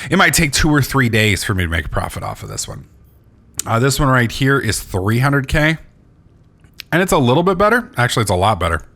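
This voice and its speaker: A man's voice: medium pitch, a bit bright. A man hosting a gaming channel, giving casual gameplay commentary while sleepy, rambling with lots of fillers and restarts and swearing freely.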